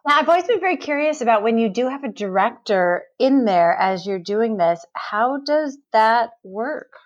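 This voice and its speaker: A woman's voice: on the high side, expressive, normal speed. A woman podcast host asking curious, encouraging questions in an interview. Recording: slightly dull lo-fi sound.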